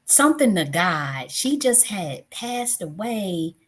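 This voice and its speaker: A woman's voice: medium pitch, big pitch swings, slow pace, slightly rough. A woman in her thirties hosting a tarot live stream, talking casually and bluntly with profanity, often getting worked up. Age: 30s.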